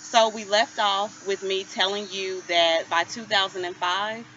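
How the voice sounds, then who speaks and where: A woman's voice: mid-range voice, fairly even intonation, a little slow, sharp tone. A woman in her thirties candidly telling her personal story as a vlogger, earnest and emotional. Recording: slightly muffled, faint hiss.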